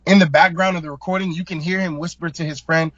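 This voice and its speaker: A young man from South Florida recounts a story in casual, slang-heavy talk, punching key words with emphasis. His voice sits a little higher than most men's. The sound is dull and bone-dry, as if recorded on modest gear in a deadened room. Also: steady tone, fast talker, fairly bright tone, no room sound. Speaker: guest, hip hop artist.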